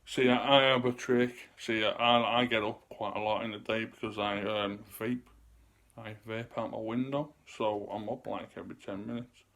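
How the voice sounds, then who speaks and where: A man's voice: fairly low pitch, fairly even intonation, normal speed, creaky, fairly bright tone. A man, rambling in a loose, chatty way to camera and sometimes getting out of breath. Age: 30s. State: out of breath at times. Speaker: vlogger. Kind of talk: casual talk to camera.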